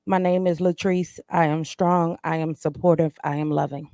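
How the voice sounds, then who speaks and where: A young woman with a Baltimore accent reading her own spoken word poem in a steady recited cadence. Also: deep voice, normal speed. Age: young adult.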